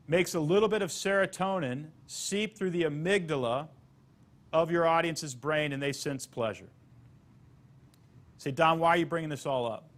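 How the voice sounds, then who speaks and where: A man's voice: on the high side, fairly bright tone. A man teaching storytelling for marketing in a lecture-style talk, emphatic and repeating his key points.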